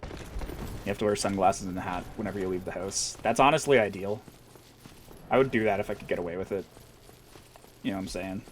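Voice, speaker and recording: A man's voice: low voice, fairly quick, pauses often, slight background noise. A man livestreaming and reading chat, rambling casually with wry, profane humor and lots of fillers.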